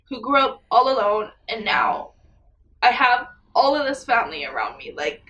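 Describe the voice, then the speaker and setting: A woman's voice: high-pitched, sing-song, normal speed, pushed and bright, recorded from a distance. Earnest young woman vlogging, somewhat off-mic. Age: young adult. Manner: emotional, tearful at times, earnest. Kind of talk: personal confessional vlog.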